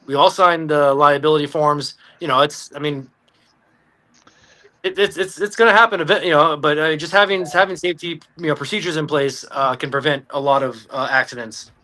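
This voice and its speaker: A man who is a podcast guest in casual group chat, speaking haltingly with many fillers. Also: fairly high pitch, sharp tone.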